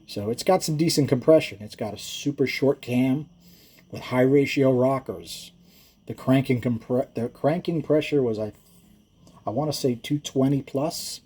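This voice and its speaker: A husky-voiced man with a dark, mellow tone talks through engine builds in a relaxed, wandering way. He doubles back to fix his own details and chuckles at his memories. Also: mid-range voice, a little slow. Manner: rambling, self-correcting, chuckles often. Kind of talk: casual shop talk and storytelling.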